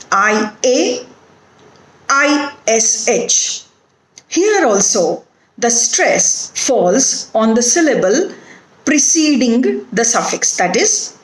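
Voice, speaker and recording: A woman with an Indian English accent giving a recorded phonetics lecture, speaking deliberately and spelling out letters one by one. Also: a little high. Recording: echoey room.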